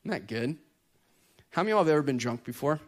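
A man, preaching a lively sermon full of jokes and acted-out quotes. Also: mid-range voice, quick pace. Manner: lively, joking, acts out quoted voices. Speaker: pastor.

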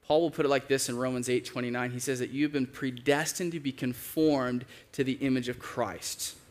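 A man preaching a sermon as a pastor, conversational and lively, acting out the voices he quotes. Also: moderate pace. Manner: conversational, acts out quoted voices with big pitch jumps.

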